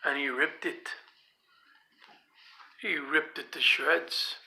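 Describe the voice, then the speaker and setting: A male storyteller with a sharp, bright voice, telling a spooky tale at a very slow, deliberate pace. He lets his voice drop low and rise loud for drama, and his pitch sits a touch high. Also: steady tone, vocal fry. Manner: slow, dramatic, shifting loudness.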